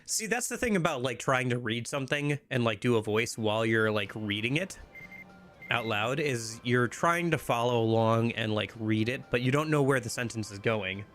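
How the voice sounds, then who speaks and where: Man, casual game commentary, rambling, lively pitch, faint music behind. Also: moderate pace. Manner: rambling, full of fillers. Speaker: streamer playing a game. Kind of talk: casual let's-play commentary.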